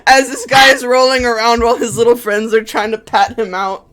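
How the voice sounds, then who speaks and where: A woman's voice: a little high, flat delivery, brisk, a bit bright. A woman narrating as game master for a tabletop game with friends, laughing often as she tells the story. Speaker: dungeon master.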